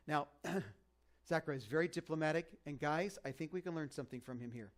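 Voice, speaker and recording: A pastor preaches a conversational sermon, joking and animated, full of fillers and restarts. His voice is a little high and he talks briskly.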